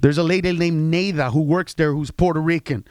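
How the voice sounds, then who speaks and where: A comedian from Honduras, a man, telling animated stories as a guest on a radio show and jumping into loud impressions of the people he describes. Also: fairly high pitch, fairly quick, no echo. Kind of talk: radio interview banter. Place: radio studio.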